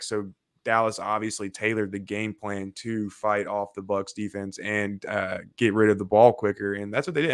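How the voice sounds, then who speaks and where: A low-voiced man riffing on football in loose, casual podcast talk, laughing easily as he goes. He sounds close and dry, with almost no room around him. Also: dry recording. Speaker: podcast co-host. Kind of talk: casual sports podcast chat.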